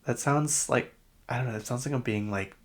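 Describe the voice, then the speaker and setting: A man's voice: medium pitch, brisk. A man with a Utah accent hosting a podcast, rambling through casual pop-culture chat. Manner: rambling and chatty, with frequent fillers. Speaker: podcast host.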